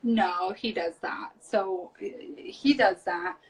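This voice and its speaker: A worn-out woman from the United States chats frankly on a live stream, dropping swear words without fuss. She sits a fair way from the mic in a small storage room, so her voice sounds distant. Her pitch stays in an ordinary middle range. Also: extremely slow. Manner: chatty, blunt, swears casually. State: tired. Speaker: reality show cast member as guest. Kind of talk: casual live-stream chat. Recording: voice from far off the mic.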